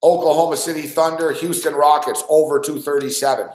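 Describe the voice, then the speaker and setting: A man's voice: on the high side, fairly even intonation, a little fast, roomy sound. A man hosting a sports betting show, complaining with heavy swearing about his bets. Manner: profane, frustrated rant. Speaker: sports betting podcast host. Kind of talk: casual betting talk.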